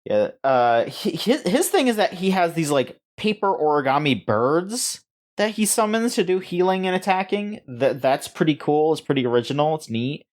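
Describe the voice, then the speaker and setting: A man co-hosting a casual gaming news podcast, rambling and halting with frequent restarts and fillers. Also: fairly high pitch, big pitch swings. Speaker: podcast co-host.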